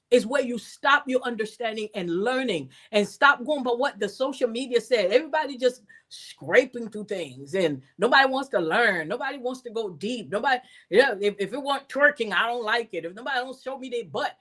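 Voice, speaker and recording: A woman giving an animated, preacher-like talk, repeating words and jumping high in pitch when exasperated. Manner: preacher-like cadence, scripture references. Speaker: speaker and teacher. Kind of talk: reflective talk to an audience.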